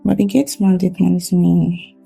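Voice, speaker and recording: A woman's voice: lowish voice, level tone, normal speed, creaky, mellow, husky, faint music behind, exaggerated voice. An actress playing a concerned young woman who speaks politely to an elder. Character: concerned young woman visiting a friend's family.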